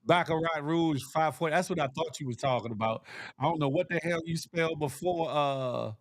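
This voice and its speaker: A man's voice: fairly high pitch, fairly quick, vocal fry, dry recording, studio quality. A man hosting a casual livestream, reading the chat aloud and teasing viewers with a playful, laughing manner.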